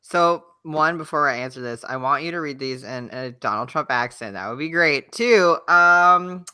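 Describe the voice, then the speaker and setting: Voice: mid-range voice, normal speed, sharp tone, smooth. A podcast co-host in casual chat, teasing and laughing often in playful banter.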